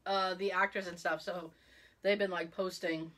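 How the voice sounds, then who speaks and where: A middle-aged woman hosting a podcast, telling stories in an animated, casual way with frequent laughs. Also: fairly low pitch, normal speed, noisy background. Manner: animated storyteller, exclaims and laughs often. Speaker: podcast host. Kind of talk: casual chat.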